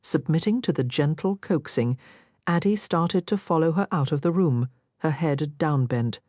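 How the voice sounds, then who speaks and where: Low-voiced expressive woman narrator. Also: normal speed, no room sound. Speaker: audiobook narrator. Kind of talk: scripted narration.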